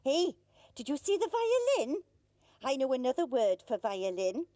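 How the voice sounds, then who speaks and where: Cheeky puppet bird, high and bouncy, swooping up and down, dry close sound. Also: female voice, big pitch swings, a little slow, warm tone, dry recording. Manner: cheeky, coy and eager.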